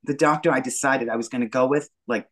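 A woman's voice: rumbling low, fast, poor audio. A middle-aged woman, a guest telling her story in an interview and acting out the dialogue. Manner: animated storyteller, acts out the dialogue.

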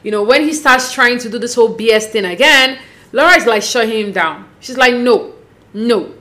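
A woman giving a casual, sassy recap of a reality show, speaking expressively with sudden jumps in pitch. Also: expressive, a little fast, sharp tone.

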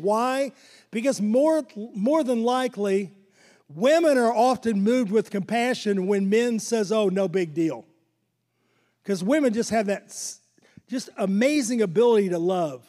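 A man's voice: very high-pitched, a little slow, darkish tone, long reverb tail. An older man preaching a sermon in a church sanctuary, fervent and repetitive, with chuckles. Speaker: pastor.

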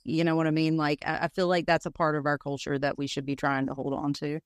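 Pembawa acara wanita berlogat Wilmington, suara agak rendah. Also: female voice, low-pitched, little pitch movement, fast talker, dry recording, studio quality. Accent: Wilmington, North Carolina. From North Carolina. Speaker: podcast host. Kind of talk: casual conversation.

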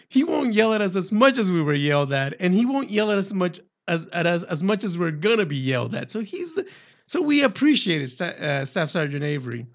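A man casually telling a lively, profane story with frequent laughter. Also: high-pitched, fairly quick. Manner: animated, swearing, laughs while telling stories. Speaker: former Marine recruit.

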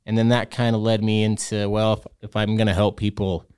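A young adult man as a podcast guest, telling a hard personal story in a halting, candid way and acting out past conversations. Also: on the low side, little pitch movement, a little mellow, clear, resonant tone, dry recording, studio quality.

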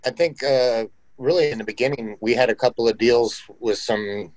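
A man's voice: medium pitch, moderate pace, darkish tone, no room sound, low-quality recording. A man talking as a real estate guest, telling a practical story in plain casual speech. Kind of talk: casual conversation.

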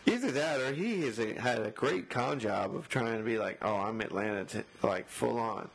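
A man's voice: medium pitch, animated, normal speed, gravelly, breathy edge, poor audio. A man co-hosting a podcast in easygoing chat. He rambles through his points with lots of filler words and chuckles often. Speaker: podcast co-host. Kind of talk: casual chat.

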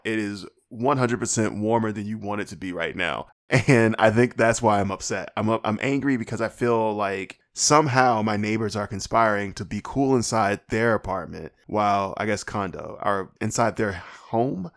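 Hoarse man ranting on his podcast. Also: lowish voice. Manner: rambling, profane, comic exasperation; mumbles. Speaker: podcast host. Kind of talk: casual solo podcast rant.

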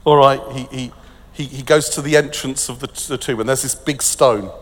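A man preaching an energetic, jokey festival sermon that turns hushed and tender, recorded in a large venue with long reverb. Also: medium pitch, normal speed.

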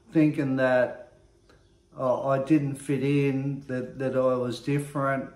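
A man earnestly sharing his own recovery story, reflective and often pausing to search for words. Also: medium pitch. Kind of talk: personal testimony monologue. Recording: roomy echo.

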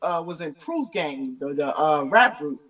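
A woman's voice: sits low, measured pace, distant mic. Jamaican-accented woman, slightly off-mic. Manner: relaxed, laughing, reminiscing. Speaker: interview guest, battle rapper. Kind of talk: casual interview chat.

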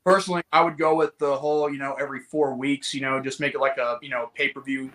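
Chatting casually as a podcast co-host, this man rambles and cracks jokes, packing his speech with fillers. He talks quickly in a mid-range, fairly bright voice with fairly even intonation, and a little hiss or hum sits under the recording.

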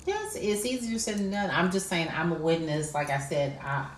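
A woman co-hosting a casual, heartfelt chat, talking haltingly and repeating herself as she speaks. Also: fairly low pitch, animated, slight background noise. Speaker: co-host. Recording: echoey room.

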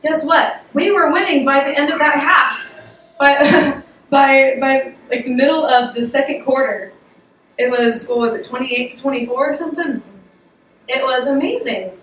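Animated woman preaching in an echoey room. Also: high-pitched, moderate pace, slight background noise. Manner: conversational and animated, with laughs and frequent restarts. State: losing her voice. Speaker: speaker giving a devotional talk. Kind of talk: casual sermon. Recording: echoey room, voice picked up from a distance.

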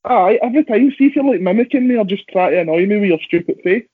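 Give me a young Scottish man with a husky voice chatting loosely, recorded dry and lo-fi. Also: high voice, lively intonation, dry recording. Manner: rambling, self-deprecating, quick asides. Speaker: professional wrestler. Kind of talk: casual podcast chat. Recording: dry, phone-like lo-fi audio.

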